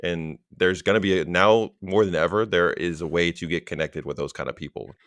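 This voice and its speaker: A man co-hosting a podcast, speaking sincerely and encouragingly in a steady way. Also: low voice, brisk, dry recording. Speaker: podcast co-host. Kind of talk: casual podcast talk.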